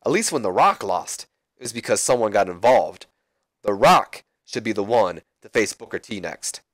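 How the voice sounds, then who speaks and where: A man's voice: lowish voice, expressive, moderate pace, no echo. A man voicing a cocky, boastful male wrestler who talks down to others and speaks of himself in the third person.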